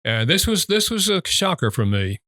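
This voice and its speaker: An older man, a guest author, retelling stories in an interview chat, raising his pitch when he quotes other people and laughing lightly at his own anecdotes. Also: sing-song, normal speed, pushed and bright.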